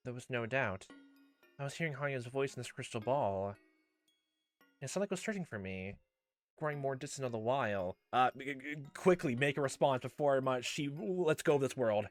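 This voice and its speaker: A man's voice: medium pitch, animated, moderate pace, soft background music. A young man casually reading and commenting through a story game, rambling with lots of fillers and exclamations. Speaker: let's play host.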